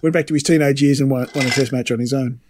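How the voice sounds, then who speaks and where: A man's voice: mid-range voice, steady tone, fast talker, background noise. A man co-hosting a casual sports podcast, blunt, opinionated and sweary. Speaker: podcast co-host.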